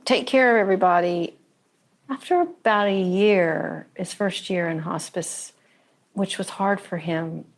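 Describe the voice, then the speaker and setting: A woman religious scholar speaking as a guest, thoughtful and halting as she searches for words. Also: medium pitch. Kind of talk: reflective conversation.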